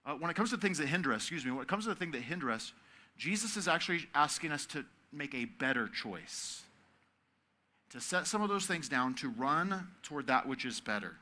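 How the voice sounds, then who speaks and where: A man preaching to young people in a very bright, sharp voice that sits a little high. He talks casually and asks the crowd to repeat words back to him. He moves between loud, emphatic stretches and hushed, quiet ones. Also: very animated, brisk. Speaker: youth camp speaker. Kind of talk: sermon.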